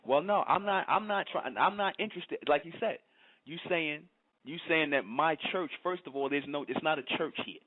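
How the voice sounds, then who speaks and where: A man's voice: on the high side, moderate pace, dry recording. Scolding man on tinny phone-like audio. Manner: scolding, rhetorical questions, repeats himself. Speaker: channel host. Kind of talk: scolding livestream monologue answering chat.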